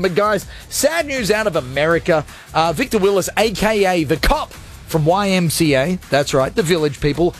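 Lively, jokey radio host man. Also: sits high. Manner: jokey, rambling, self-mocking. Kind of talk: energetic live radio show. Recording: studio with music underneath.

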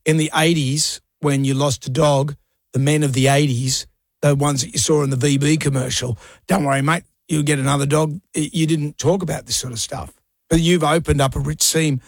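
A middle-aged man co-hosts a radio show, jokey and supportive as he tells his stories. His voice sits a little high for a man. The studio sound is close and dry. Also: steady tone, normal speed, no room sound. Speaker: radio co-host. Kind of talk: casual radio chat.

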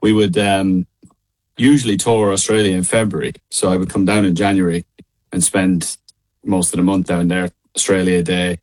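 A man's voice: deep voice, flat delivery, normal speed, darkish tone, rough recording. A young man with a midlands Irish accent, a singer chatting as an interview guest over a call, laughing often and hesitant with many fillers. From Ireland. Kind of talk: casual interview chat. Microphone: remote call.

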